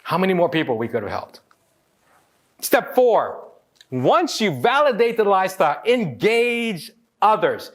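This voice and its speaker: A man in his forties from Hawaii giving a lively motivational talk, joking with the audience and acting out quotes. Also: high-pitched, unhurried. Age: 40s. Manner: animated, joking, acts out quotes. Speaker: motivational speaker.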